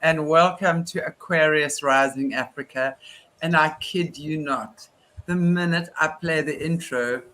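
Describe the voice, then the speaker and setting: Older man, show host, joking and chatty, bright forceful tone, fairly high voice. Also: a little slow. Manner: chatty, joking, laughs easily. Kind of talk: casual chat.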